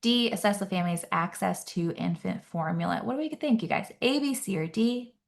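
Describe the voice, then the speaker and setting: A woman's voice: medium pitch, expressive, a little fast, gravelly. A woman nurse practitioner teaching a live exam-prep webinar, upbeat and quizzing the audience, often checking in with "right?".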